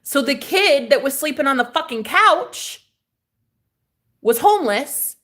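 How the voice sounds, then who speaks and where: Young woman vlogger, slightly high voice, animated profane storyteller. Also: unhurried. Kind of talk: storytime vlog.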